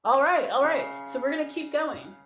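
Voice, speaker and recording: A woman's voice: high-pitched, animated, moderate pace, over music. A woman voice teacher leading an online group lesson, upbeat and encouraging, talking to people in the chat. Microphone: video call. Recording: echoey room with keyboard.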